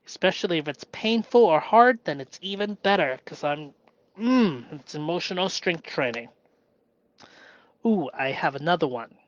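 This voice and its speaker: A man in a reflective solo live stream who thinks aloud with pauses and restarts, then breaks into bursts of excited cheering. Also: fairly high pitch, no room sound, muffled recording. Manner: slow and musing, with sudden bursts of excited cheering.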